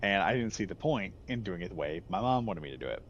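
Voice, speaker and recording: A man's voice: low voice, animated, fast talker. A middle-aged man telling a casual, rambling story as a gaming channel host. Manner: rambling, self-correcting, laughs at own jokes. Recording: slightly muffled with faint background noise.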